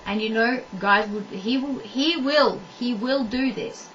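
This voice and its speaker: A young adult woman with a fairly high, fairly bright voice speaks a little slowly, giving blunt relationship advice straight to camera. She drives her points home by repeating them, in dull lo-fi audio recorded from a distance with faint noise.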